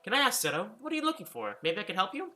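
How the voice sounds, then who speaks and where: A jittery young maid in a fantasy storybook tale, her voice pushed up high and bright as she pleads and fusses, the way a male reader puts her on. Loud and strained, with faint music playing underneath. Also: huge pitch swings, racing, full character voice. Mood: coaxing. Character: frantic young female housemaid.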